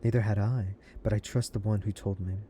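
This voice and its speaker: A man reading aloud the lines of a booming, wary but friendly male street-food cook in a game, with a low voice. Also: fairly even intonation, a little fast, warm tone, slight background noise, close to an everyday voice.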